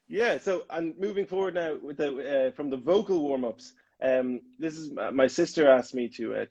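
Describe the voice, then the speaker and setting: A man's voice: medium pitch, gravelly, a little mellow, husky, muffled recording. A man hosting a casual interview chat, rambling and playful with many restarts. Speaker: podcast host. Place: Amsterdam.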